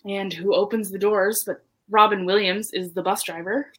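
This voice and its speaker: A young woman co-hosting a podcast, telling a personal story in casual chat, full of "like" and "you know" and quick laughs. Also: medium pitch, fairly even intonation, a bit bright. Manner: chatty, lots of "like" and "you know", laughs often. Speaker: podcast co-host.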